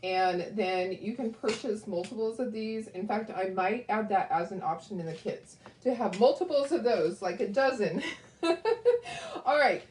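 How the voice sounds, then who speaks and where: Grieving and tearful, a woman hosts a relaxed craft livestream, filling her talk to viewers with ums and side remarks. Her mid-range voice moves at normal speed with a darkish tone, and the echoey room carries slight background noise.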